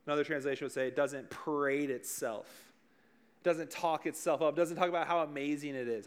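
A young man preaching to teenagers as their youth pastor, with a voice pitched a little high. He keeps it loose and conversational, cracking jokes and asking the room questions. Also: fairly even intonation, a little fast, clear, resonant tone. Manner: joking, conversational, addresses the room directly. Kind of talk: casual youth sermon.

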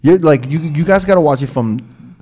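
A man's voice: on the high side, moderate pace, slightly rough. A man in casual group banter, swearing freely and ranting with exasperation while telling stories. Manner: exasperated, profane, animated storytelling.

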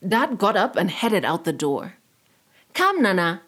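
A woman narrating a story in a measured, expressive way. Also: on the low side, husky.

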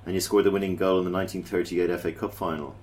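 A male podcast host with a very low, deep voice, steering a playful mock interview. He teases in a deadpan tone, pausing with fillers between thoughts. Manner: deadpan teasing, pauses with fillers.

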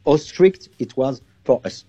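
Male journalist, halting English. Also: mid-range voice, lively intonation, mellow, dry recording, dull audio, faint music behind. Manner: halting non-native English with many fillers. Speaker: journalist guest. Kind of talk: phone interview.

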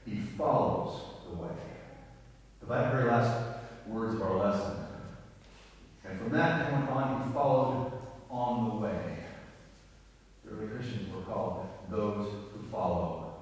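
A male pastor delivers a sermon, bringing the story to life with animated, acted-out voices. He sounds a little distant from the mic, and his words ring through a big, echoing hall. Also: fairly low pitch, unhurried, pauses often. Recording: echoey hall, heard from a distance.

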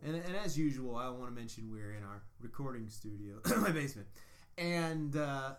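A young man mocks a bad spy movie with sarcastic, lively storytelling. He talks in a middle-pitched voice and speaks loosely and casually from a home basement studio setup. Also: normal speed. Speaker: podcast co-host. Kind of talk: casual movie-review chat.

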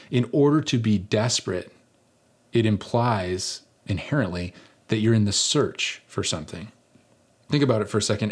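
In this sermon, a middle-aged preacher shares a personal story, his fairly low voice carrying a breathy edge. His delivery is lively and conversational, sprinkled with rhetorical questions.

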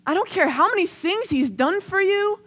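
A woman's voice: extremely high pitch, animated, moderate pace, a bit bright. A woman preaching a sermon into a microphone, conversational and earnest, telling personal stories with lots of "like" and building in intensity. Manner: conversational, storytelling with frequent "like".

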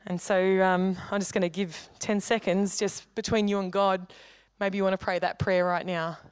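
Smooth-voiced woman pastor preaching. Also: mid-range voice, level tone, no room sound. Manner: conversational, humorous preaching with quick asides. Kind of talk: sermon. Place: church hall.

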